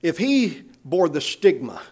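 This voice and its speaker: High-voiced man preaching an impassioned sermon. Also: very animated, measured pace, a little mellow, husky. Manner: impassioned, rising to high emphatic pitch on quotes.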